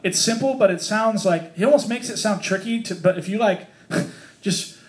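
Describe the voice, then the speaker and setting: A man's voice: sits high, normal speed. Chatty man teaching a Bible study. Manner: chatty, joking, lots of fillers.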